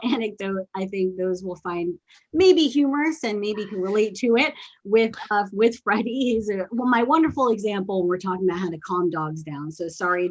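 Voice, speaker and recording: A woman hosts a casual podcast in a chatty, animated voice of middle pitch. She tells stories and slips in quick asides. Her delivery sounds easy and conversational. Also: muffled recording. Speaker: podcast host and dog trainer.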